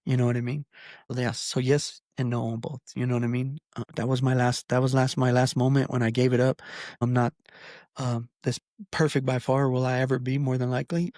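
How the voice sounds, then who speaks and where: A man's voice: mid-range voice, little pitch movement, brisk, darkish tone, dry recording, clean studio sound. A man co-hosting a podcast, telling a personal story in an earnest, rambling way with many fillers and restarts. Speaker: podcast co-host. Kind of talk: casual podcast chat.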